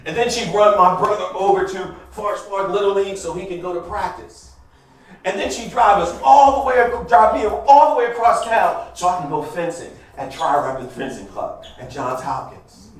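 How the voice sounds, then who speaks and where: The high voice at a moderate pace belongs to an American man in his fifties doing personal storytelling on a live stage in a big venue. He addresses listeners directly, conversational yet emphatic, and sounds distant amid the hall's echo.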